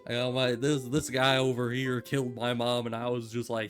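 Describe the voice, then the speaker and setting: A man's voice: medium pitch, little pitch movement, normal speed, a bit bright. A man streaming a game, giving casual sarcastic commentary with rambling asides, over guitar music.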